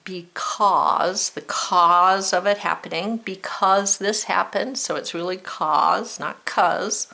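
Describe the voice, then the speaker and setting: A woman's voice: medium pitch, steady tone, slow pace, gravelly, hardly any pauses, sharp tone. An American woman teaching a spelling lesson, patiently sounding out words and spelling them letter by letter.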